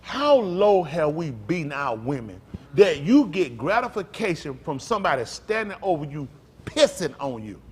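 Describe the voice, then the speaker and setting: Male pastor, high and very animated delivery, preacherly. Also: normal speed, slightly rough. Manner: emphatic, preacherly, rising to loud outbursts.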